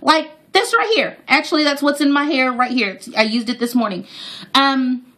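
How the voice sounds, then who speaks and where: A woman's voice: high-pitched, normal speed. A woman chatting to viewers while reviewing a hair product in a casual vlog. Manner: chatty, animated, talks straight to viewers.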